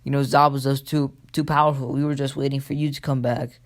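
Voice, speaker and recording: A man's voice: mid-range voice, level tone, fairly quick, natural voice. A man voicing a defensive teenage boy ninja.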